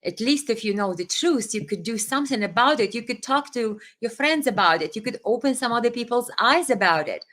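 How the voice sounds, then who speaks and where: A woman's voice: on the high side, lively intonation, brisk, hardly any pauses, fairly bright tone. A woman hosting a live political commentary stream and reading viewer comments, talking in an impassioned, indignant way with frequent fillers and restarts. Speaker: livestream host.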